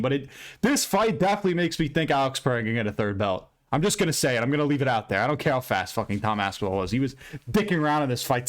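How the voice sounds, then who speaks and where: A man hosting an MMA recap channel, ranting loudly and profanely in an unscripted, rambling way. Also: medium pitch. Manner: loud, profane, heated and emphatic; rambling with frequent restarts and fillers. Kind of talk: unscripted fight recap rant.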